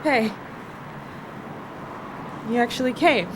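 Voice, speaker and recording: A woman's voice: on the high side, lively intonation, slow pace. An acting student performing a heartfelt monologue as a young woman fondly recalling her childhood best friend. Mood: wistful. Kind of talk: rehearsed dramatic monologue. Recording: noisy background hum.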